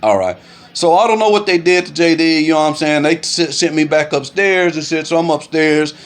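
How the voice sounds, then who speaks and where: A middle-aged man telling a street story to camera in animated, profane casual talk, filling it with "you know what I'm saying" and punching sounds. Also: fairly high pitch, brisk. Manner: makes punching sounds aloud.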